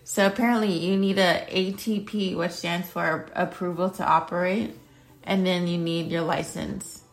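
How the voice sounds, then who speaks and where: A woman's voice: on the low side, little pitch movement, a little slow. A young woman vlogging at home, talking in a blunt, ranting way and swearing freely. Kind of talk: casual chat.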